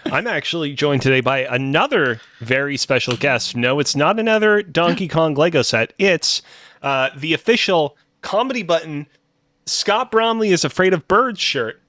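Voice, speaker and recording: Bright-voiced podcast co-host, man. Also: on the high side, expressive, moderate pace, no echo. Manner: joking, playful, laughs while talking. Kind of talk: casual podcast chat.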